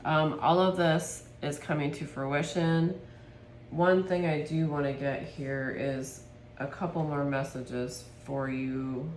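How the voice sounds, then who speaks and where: A woman giving a spiritual tarot reading to her viewers, speaking softly and with heartfelt emotion. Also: low voice, steady tone, slow, roomy sound, a little hiss or hum. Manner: soft, heartfelt, gets emotional. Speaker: tarot reader.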